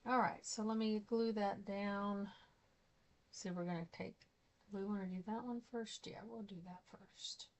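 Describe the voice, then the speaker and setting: A woman's voice: medium pitch, steady tone, a little slow. A middle-aged woman chatting casually as she works on a craft project, rambling and laughing often. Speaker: craft vlogger.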